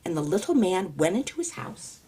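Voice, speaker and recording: A woman from California telling a story to a live audience, animated and sing-song, inviting listeners to join in. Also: on the low side, fairly quick, husky. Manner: animated, sing-song, repeats sound words. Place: storytelling festival workshop.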